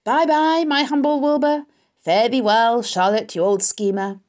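A woman reading a storybook aloud, voicing a sneering, greedy male rat who boasts loudly. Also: on the low side, expressive, normal speed. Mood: gleeful.

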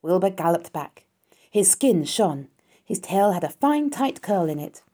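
A woman reading a children's novel aloud in a calm, steady storytelling voice. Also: lowish voice, measured pace.

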